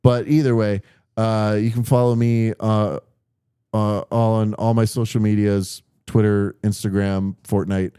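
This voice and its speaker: A man's voice: on the low side, level tone, a little slow, warm tone, smooth, dry recording. A man appearing as a podcast guest, chatting in a laid-back, joking way. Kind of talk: casual podcast chat.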